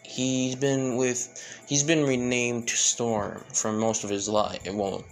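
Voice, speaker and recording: A man's voice: mid-range voice, level tone, slow pace, gravelly, faint music behind. A man voicing a comedic young male fighter who acts like a proud, tearful big brother, dramatic and over the top. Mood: explaining.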